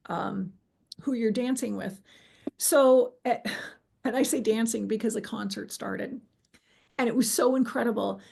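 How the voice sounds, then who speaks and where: A middle-aged woman with a gravelly, somewhat high voice tells a personal story in an interview. She is animated, slips into quoting what people said, and fills pauses with ums and restarts. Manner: animated storyteller, acts out quoted dialogue, frequent fillers. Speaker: guest telling her near-death experience.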